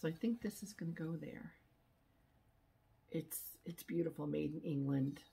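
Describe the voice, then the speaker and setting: A woman's voice: low-pitched, normal speed, gravelly, dark tone, slightly rough, rough recording. A woman vlogger chatting casually while unboxing thrift packages, rambling and restarting her thoughts.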